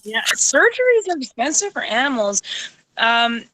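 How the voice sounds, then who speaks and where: A woman's voice: high-pitched, big pitch swings, normal speed, pushed and bright, low-quality recording. A woman in her thirties from Canada, chatting casually on a stream, full of "like" and cooing at her dog. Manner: chatty, heavy "like" filler, coos at dog. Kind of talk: casual chat.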